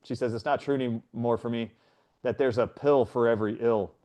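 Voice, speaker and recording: A middle-aged man speaks as a guest, retelling his story with earnest animation and slipping into the voices of others. His pitch sits in an ordinary middle range for a man. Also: fairly even intonation, brisk, warm tone. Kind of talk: storytelling in a conversation.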